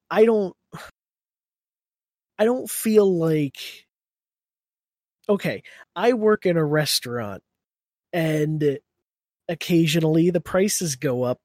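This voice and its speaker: A man's voice: a little high, a little mellow, no room sound, clean studio sound. Rambling, laughing young man on a podcast. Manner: rambling, laughing, restarts phrases. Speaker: podcast co-host. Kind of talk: casual chat.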